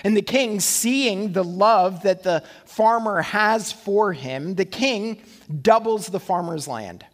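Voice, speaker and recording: High-voiced preacher in an echoing hall. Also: male voice, slow. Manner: conversational and animated, with rhetorical questions. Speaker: pastor. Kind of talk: sermon. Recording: long hall reverb.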